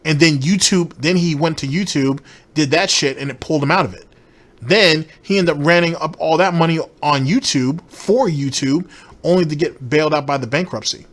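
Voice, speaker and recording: Brief: male commentary host, rambling sarcastic rant, swears freely, voice a touch high. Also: normal speed, a bit bright. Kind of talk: ranting commentary.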